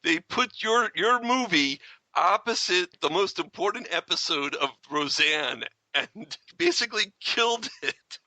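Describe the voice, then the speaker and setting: Radio host guy, super bright voice, dry close mic, jokey. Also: high voice, lively intonation, a little slow, no room sound, low-quality recording. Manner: jokey, laughs while asking. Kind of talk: radio interview hosting.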